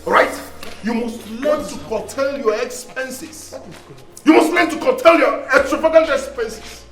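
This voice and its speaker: Stern, commanding crown prince. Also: male voice, very high voice, measured pace, a bit bright, faint music behind. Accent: Nigerian. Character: stubborn domineering crown prince, young adult man. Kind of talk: film acting.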